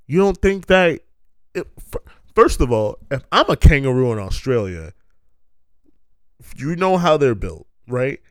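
Male podcast host, unhurried delivery, smooth resonant voice, animated and profane comic riffing. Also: mid-range voice, no room sound, clean studio sound. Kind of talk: rambling comic monologue.

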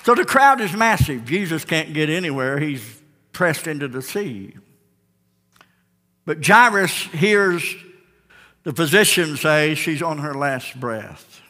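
Male pastor, dramatic sermon delivery; high, brassy tone, church reverb. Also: expressive, slow, pauses often. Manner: dramatic storytelling, swinging from shouts to hushed tones. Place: church sanctuary.

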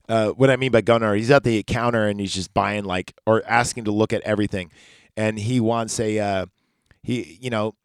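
A man's voice: lowish voice, no echo, clean studio sound. A man hosting a casual podcast, recapping a movie from memory with profane, rambling rants and asides. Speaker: podcast host.

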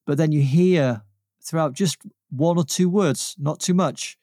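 A man's voice: fairly high pitch, unhurried, warm tone, no echo. A man co-hosting a film podcast, giving his opinions with a dry, wry humour. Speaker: podcast co-host. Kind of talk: casual film discussion.

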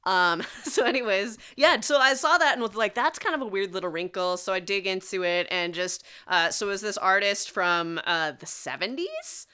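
A woman's voice: medium pitch, expressive, normal speed, few pauses, pushed and bright, clean tone. A woman guesting on a podcast, chatting enthusiastically and sharing trivia she dug up. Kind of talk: casual podcast chat.

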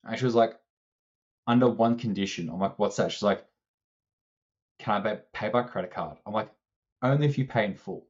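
A man co-hosting a casual podcast, telling an animated story and acting out both sides of the conversation, swearing now and then. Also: fairly low pitch, a little fast, long pauses, dull audio. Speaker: strength coach co-host.

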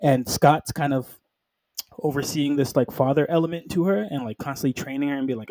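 A man with a warm, mellow voice, recorded dry and close. He chats casually about comics, sprinkling in "like" and jumping into quick acted-out quotes from the characters. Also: medium pitch, no room sound, rough recording. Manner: animated storytelling, acting out characters in quick quoted lines; peppers speech with "like". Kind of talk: casual comic book chat.

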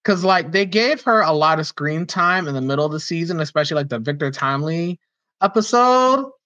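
A man's voice: a little high, animated, a little fast, sharp tone. Chatty man on a dull lo-fi mic. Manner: chatty, laughs easily, many fillers. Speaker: podcast co-host. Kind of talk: casual chat. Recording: dull lo-fi sound.

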